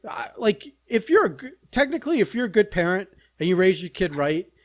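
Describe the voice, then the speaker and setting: A man giving his opinions in a casual podcast chat, halting and profane. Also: sits high, very animated. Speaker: podcast co-host.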